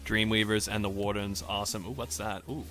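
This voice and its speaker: A man's voice: on the low side, little pitch movement, fairly quick, pushed and bright, soft background music. A man from Australia rambling in a casual rant over gameplay, with strongly emphasized R sounds and a self-questioning way of talking. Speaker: gaming vlogger.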